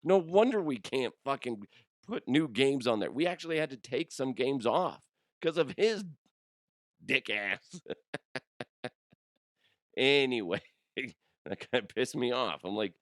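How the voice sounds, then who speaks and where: A man hosting a comedy podcast, hoarse from a cold, talking casually with lots of swearing and laughter. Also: medium pitch, takes it slowly, long pauses, no echo, clean studio sound. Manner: animated, swearing, laughs a lot. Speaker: podcast host.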